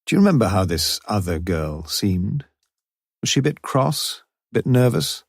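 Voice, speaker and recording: Audiobook: a man doing a clever, commanding detective, deep and slightly husky, gently coaxing. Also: big pitch swings, normal speed, no echo, clean studio sound, full character voice. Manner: wry, coaxing and quietly commanding. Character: shrewd, wry male police inspector. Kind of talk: audiobook character voice.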